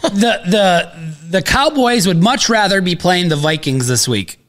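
A high-voiced man hosts a casual betting podcast, his pitch leaping about as he talks. He hedges his picks and laughs easily. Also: unhurried. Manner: animated, hedging, laughs easily. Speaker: sports betting podcast host.

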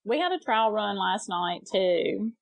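A middle-aged woman in a casual chat, responding with quick encouraging interjections. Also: medium pitch, expressive, creaky.

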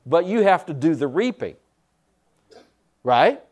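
A man pastor preaching a sermon in a conversational way, dropping in frequent amens and moving between quiet asides and louder emphatic points. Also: a little high, very animated, slow.

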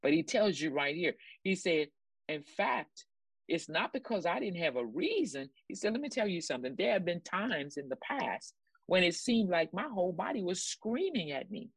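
Low-voiced woman preaching with emphasis. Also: big pitch swings, moderate pace, husky, dry recording. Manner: emphatic and repetitive, urging listeners; exclamatory praise. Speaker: ministry co-host. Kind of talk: preaching commentary.

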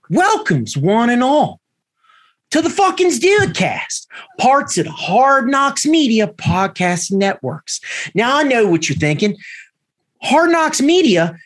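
A man putting on an exaggerated Baltimore accent as a brash, hammy podcast announcer with drawn-out vowels. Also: extremely high pitch, voice pushed up, heavily acted.

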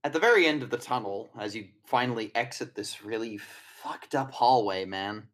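A man's voice: mid-range voice, expressive, moderate pace, a bit bright. Male game master, chatty, rambling, casual narration.

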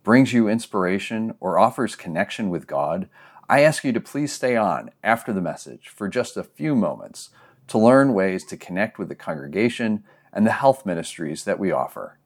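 A man's voice: fairly low pitch, sing-song, normal speed. A man serving as a church pastor, reading scripture and giving a sermon in an earnest, conversational way. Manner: earnest, conversational with restarts when preaching.

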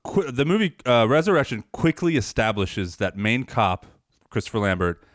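A man's voice: mid-range voice, sing-song, normal speed, no room sound, studio quality. A man co-hosting a podcast, chatting casually and jokingly about a film while working through a list of points. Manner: joking, listing points from notes. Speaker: podcast co-host. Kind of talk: casual movie chat.

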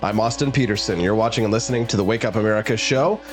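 A man's voice: on the low side, fast, faint music behind. Chatty joking male show host. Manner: chatty, joking, many fillers. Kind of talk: casual morning show banter.

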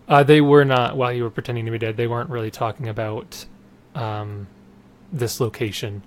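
Halting man running a tabletop game. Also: medium pitch, steady tone. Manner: casual, halting, with fillers and restarts. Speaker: game master.

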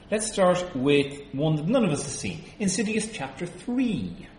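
Sardonic guy hosting a movie podcast, lively up-and-down voice, echoey room with faint hiss. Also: high voice, measured pace, few pauses. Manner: dry, sardonic. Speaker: film podcast host. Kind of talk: casual film chat.

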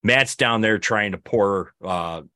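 A man's voice: lowish voice, takes it slowly, pushed and bright, smooth, no room sound, clean studio sound. A young man co-hosting a podcast in casual chat, telling rambling stories and acting out his friends' lines. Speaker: podcast co-host.

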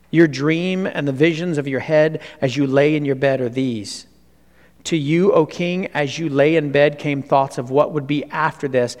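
A man preaching a sermon to a room of listeners, animated and asking questions, then dropping to a hush. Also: medium pitch. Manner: asks the audience questions. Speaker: pastor. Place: hall with an audience. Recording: long hall reverb.

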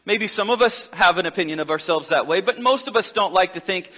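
A man preaching a sermon as pastor, lively and joking, acting out the dialogue of the people he describes. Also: sits high, a little fast, long reverb tail. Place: church sanctuary.

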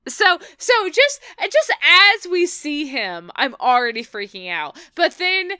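A woman chatting about a TV episode, excitable and swearing as she laughs through her recap. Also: high-pitched, measured pace, dry recording, studio quality. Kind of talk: casual chat recapping a TV episode.

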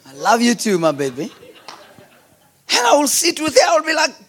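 A man with a strikingly high, raspy voice delivers a sermon in a rising and falling, almost sung cadence. He swings from shouting to near-whispers, with a gravelly edge under his words and faint music playing behind him. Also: wildly swooping pitch, moderate pace. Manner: impassioned sing-song preaching, swinging from shouts to hushed tones. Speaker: preacher.

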